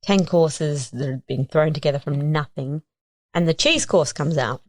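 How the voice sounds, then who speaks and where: Low-voiced Australian woman telling a story. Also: normal speed, no room sound. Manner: animated storyteller, acts out voices. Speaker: guest. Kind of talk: casual storytelling interview.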